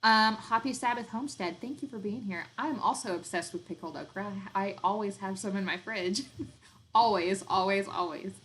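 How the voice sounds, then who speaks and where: A woman's voice: mid-range voice, brisk, hardly any pauses, a bit bright, poor audio. Chatty woman with a light Southern accent. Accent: light Southern, Arkansas. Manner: chatty and rambling, laughs often, many ums. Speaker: homesteading channel host. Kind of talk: casual live-stream chat.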